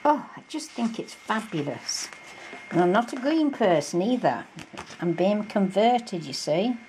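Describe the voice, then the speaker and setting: A woman's voice: mid-range voice, very animated, a little slow, darkish tone, a little hiss or hum, poor audio. A woman crafting vlogger in a casual show-and-tell, chatty and gushing, with many fillers, recorded on a camera mic at home.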